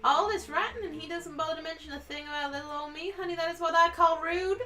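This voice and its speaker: A woman doing a flirty barmaid, sassy, drawling, high voice, distant mic, faint music. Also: fast talker, sharp tone.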